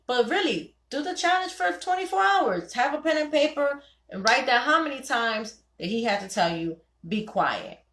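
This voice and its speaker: A young woman hosting a ladies' night call, giving animated, preachy advice and quoting her husband in voices. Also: high-pitched, normal speed, reverberant. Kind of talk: casual talk to listeners.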